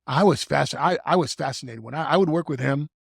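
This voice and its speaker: A man talking as a guest in a podcast conversation, animated and repeating words as he restarts his thoughts. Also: on the high side, fairly quick, creaky, slightly rough, dry recording, clean studio sound. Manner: animated, stumbling restarts, stretches words for emphasis. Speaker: wrestling manager guest.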